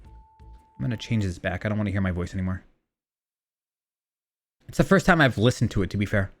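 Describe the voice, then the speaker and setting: A man's voice: on the low side, expressive, a little fast, soft background music. A young man streaming, chatting casually in a rambling, profane, self-mocking way while fiddling with his mixer. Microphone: desk mic through a streaming mixer.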